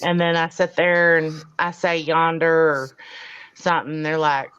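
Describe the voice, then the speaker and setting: A woman's voice: sits low, fairly even intonation, normal speed, fairly bright tone, clean tone, dull audio. A woman with a Texas accent, co-hosting a casual live stream chat and laughing easily. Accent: Texas Southern.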